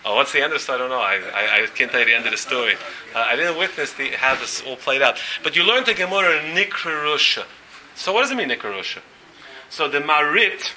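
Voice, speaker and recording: A man's voice: mid-range voice, sharp tone, a little hiss or hum, rough recording. A man giving a Talmud lecture as rabbi to a class, talking emphatically and firing questions at the room. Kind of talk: Talmud lecture with interjections from students.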